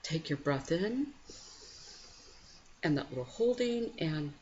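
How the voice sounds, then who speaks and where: A woman hosting a spiritual morning program, speaking slowly and gently with pauses, sometimes rising suddenly in energy, recorded at home at night. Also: sits low. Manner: slow, gentle, pausing, with sudden lively rises. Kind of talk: reflective guided meditation talk. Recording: slightly muffled home recording with faint background noise.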